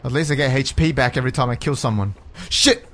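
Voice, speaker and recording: A young man narrating his own video game play, swearing often and swinging between calm remarks and frustrated yells. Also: medium pitch, fast talker. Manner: swears a lot. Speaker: gaming YouTuber. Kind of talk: Let's Play commentary.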